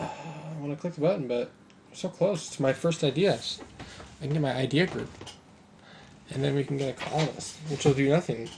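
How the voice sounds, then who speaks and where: A man of ordinary pitch, thinking aloud and joking dryly as he plays a strategy game at his computer. Faint hiss sits under his voice, with keyboard clicks now and then. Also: gravelly, darkish tone. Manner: musing aloud, mildly sarcastic. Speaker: gameplay commentator. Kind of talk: casual gameplay commentary.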